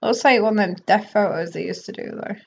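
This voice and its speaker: A woman's voice: medium pitch, fairly quick, creaky, a little hiss or hum. A woman giving casual, chatty commentary while playing a life-simulation game and bossing her characters around. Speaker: gaming YouTuber. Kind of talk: casual let's play commentary. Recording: slightly muffled audio.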